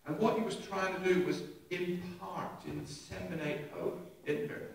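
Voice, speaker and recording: An older man, preaching a sermon with animated humour, recorded from a distant mic in an echoey church. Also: high voice, measured pace, gravelly. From England. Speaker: pastor. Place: church hall.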